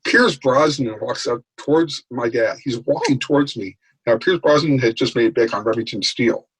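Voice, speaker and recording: Husky man telling showbiz stories. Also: mid-range voice, moderate pace, low-quality recording. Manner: animated anecdote telling, acts out quoted voices. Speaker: guest, author. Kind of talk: storytelling in a podcast interview.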